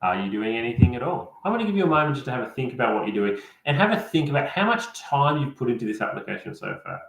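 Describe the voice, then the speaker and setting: A man's voice: medium pitch, very animated, fast talker, creaky, a little hiss or hum. A man, a career coach presenting an online workshop, speaking directly and encouragingly to his audience. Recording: roomy echo.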